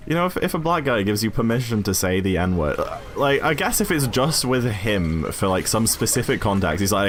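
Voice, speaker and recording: A British man with a fairly low voice chats and rambles to his stream while gaming, laughing often. His pitch swings widely and animatedly as he talks. Faint game music plays behind him. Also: sing-song, normal speed. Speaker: speedrun streamer. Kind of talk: casual chat while gaming.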